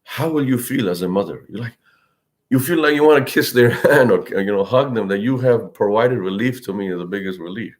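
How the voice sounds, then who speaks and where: Guy with a lowish voice teaching a religious story, chatty, says "you know" a lot. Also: brisk. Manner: conversational, frequent "you know" fillers; acts out quoted speech with big pitch swings.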